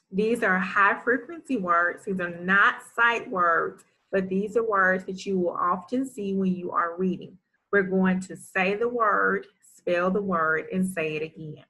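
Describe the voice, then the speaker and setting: A woman's voice: medium pitch, a little slow, bright, forceful tone. A woman teaching a first grade phonics lesson, sounding out letters one at a time and praising often. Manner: encouraging, gives frequent praise.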